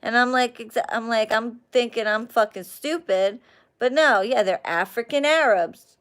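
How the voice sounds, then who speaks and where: Profane, animated woman ranting. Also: a little high, measured pace. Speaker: live stream host chatting with viewers. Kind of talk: casual live chat.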